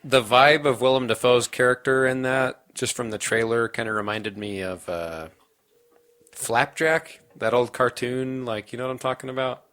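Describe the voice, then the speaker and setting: A man's voice: medium pitch, steady tone, moderate pace, a bit bright, smooth. A young man co-hosting a podcast in casual chat, laid-back, laughing often and trailing off mid-thought. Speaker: podcast co-host.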